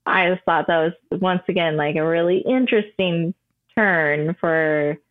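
A woman from Minnesota with a Minnesotan accent, a podcast guest chatting about a book in a giggly, animated way. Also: fairly low pitch, a little slow, no echo, phone-quality sound. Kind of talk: casual book discussion.

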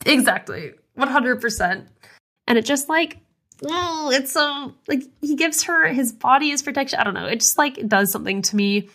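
A woman's voice: high voice, expressive, normal speed, bright, forceful tone. A young woman hosting a book club podcast in casual chat, earnest and gushing, with many likes and restarts.

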